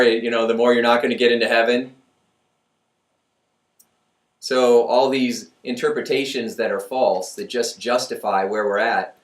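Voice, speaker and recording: A man's voice: mid-range voice, distant mic. Chatty man giving a motivational talk in an echoey room. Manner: chatty, animated, laughs at his own jokes. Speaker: motivational speaker.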